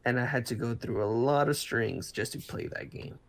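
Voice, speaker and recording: A man's voice: mid-range voice, normal speed, creaky, a bit bright. A man chatting casually about laptops, rambling, with many restarts and fillers. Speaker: podcast co-host. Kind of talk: casual chat.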